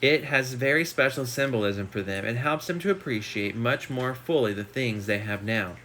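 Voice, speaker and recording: Bright-voiced man reading aloud. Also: medium pitch, expressive, normal speed, a little hiss or hum. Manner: reads steadily with chatty asides. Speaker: shop owner reading a book aloud. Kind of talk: casual live read-aloud. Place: home. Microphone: phone.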